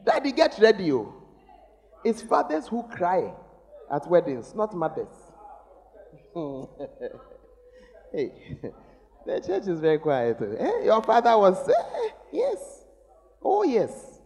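A middle-aged male pastor preaching a sermon, teasing the congregation with sudden shouts. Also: high-pitched, huge pitch swings, slow, vocal fry, pauses often. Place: large church. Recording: long reverb of a large church hall.

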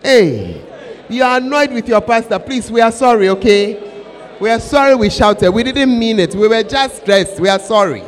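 A man's voice: very high-pitched, expressive, moderate pace, a faint crowd. A man preaching a sermon as pastor, pleading and urging the congregation to repeat phrases to their neighbors. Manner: pleading, call-and-response with congregation. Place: church hall. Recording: echoey hall with mains hum.

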